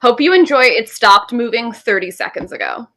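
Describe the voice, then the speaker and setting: A woman's voice: a little high, lively intonation, normal speed, a bit bright. A woman from the Southern US, playing as a comedian panelist and trading dry one-liners on a comedy game show.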